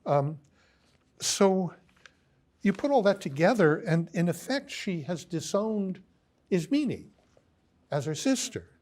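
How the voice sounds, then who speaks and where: A man giving a philosophy lecture, pausing often with ums and restarts as he reads quoted lines aloud. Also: sits high, big pitch swings, a little mellow. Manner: halting, many ums and restarts.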